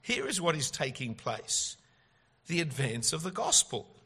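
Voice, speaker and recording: A man's voice: on the high side, very animated, unhurried, pushed and bright, slightly rough. A man preaching an expository sermon, emphatic and full of rhetorical questions.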